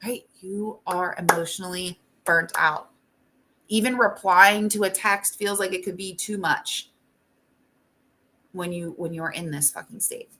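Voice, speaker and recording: A woman's voice: lowish voice, fairly even intonation, a little slow, bright, forceful tone, slight background noise. A woman life coach hosting a talk show, speaking casually and bluntly, swearing freely and checking in with "right?" after most points.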